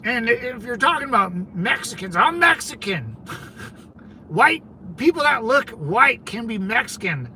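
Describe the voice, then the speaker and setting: A man's voice: extremely high pitch, very animated, a little slow, bright, forceful tone, a little hiss or hum. A man from California hosting a casual livestream, rambling conversationally and talking back to his viewers, with lots of "man" and "dude". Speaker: livestream host.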